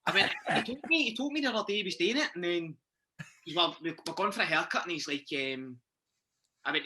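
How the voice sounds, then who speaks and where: Sweary young Scottish footballer. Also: male voice, sits high, expressive, fast, pushed and bright. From Scotland. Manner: sweary, rambling anecdotes with frequent restarts. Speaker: guest footballer. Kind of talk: casual podcast chat.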